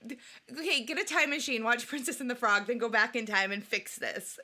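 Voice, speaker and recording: Animated, bright-voiced woman podcast co-host. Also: on the high side. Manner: animated, joking, fast and rambling. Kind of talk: casual chat. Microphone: podcast microphone.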